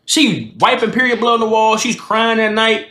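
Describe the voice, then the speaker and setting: A man's voice: high voice, normal speed, sharp tone, reverberant. A man streamer telling a casual storytime in a slangy, profane way, acting out the people in his story.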